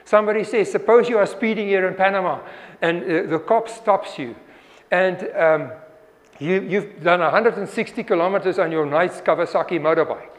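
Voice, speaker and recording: A man's voice: high-pitched, normal speed, big-room sound. A man preaching a sermon earnestly, often restarting his words and acting out the voices he quotes.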